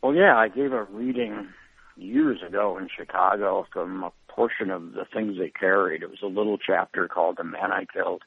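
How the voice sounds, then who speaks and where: An older man, an author, telling a story slowly and haltingly in an interview, with a gravelly, husky voice. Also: sits low, no echo. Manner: slow, halting, reflective storytelling. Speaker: author and guest. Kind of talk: reflective interview conversation. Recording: phone-line quality, dry sound.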